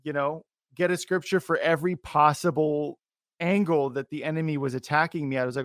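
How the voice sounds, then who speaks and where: A man's voice: fairly high pitch, steady tone, fairly quick, a bit bright, no echo. Enthusiastic man on a dry mic. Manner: enthusiastic, casual, many fillers. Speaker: podcast host. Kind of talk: podcast interview.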